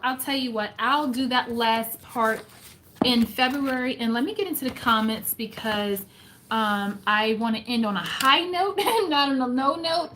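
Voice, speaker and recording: A woman hosting a casual livestream book recap, lively and exclamatory, reading passages aloud and reflecting on them. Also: on the high side, a little hiss or hum. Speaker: host of a faith book chat livestream.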